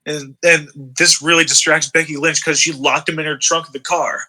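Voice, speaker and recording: A young man casually recapping a game's storyline, loose and profane, now and then dropping into quick character lines. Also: fairly high pitch, level tone, pushed and bright, low-quality recording. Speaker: co-host of a wrestling sim playthrough. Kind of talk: casual gaming commentary, acting out the story.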